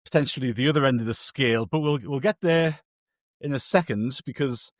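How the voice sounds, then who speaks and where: A man co-hosting a football podcast, telling a lively story in casual chat and moving the show along. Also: medium pitch, a little fast, dry recording, clean studio sound. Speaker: podcast co-host.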